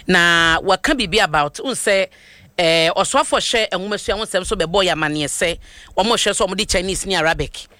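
A woman's voice: lowish voice, a little fast, pushed and bright, no room sound. A woman with a Ghanaian accent co-hosting a current affairs radio show, talking animatedly and switching between Twi and English.

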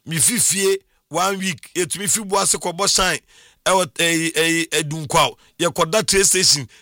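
A middle-aged man from Ghana telling his own life story in a casual, animated monologue with frequent exclamations. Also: a little high, a little slow, no echo, studio quality. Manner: animated, exclaiming, laughs often.

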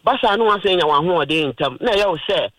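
A man's voice: high voice, lively intonation, quick pace, fairly bright tone, dry recording, low-quality recording. Ghanaian man explaining health on radio. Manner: explanatory, mixing in English terms. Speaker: radio health talk host.

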